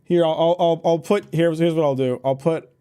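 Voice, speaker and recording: A man's voice: fairly high pitch, fairly even intonation, normal speed, mellow, clear, resonant tone. A man streaming from home, chatting casually with his viewers, joking and swearing bluntly. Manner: blunt, joking and profane, reads chat aloud. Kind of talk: casual live-stream chat.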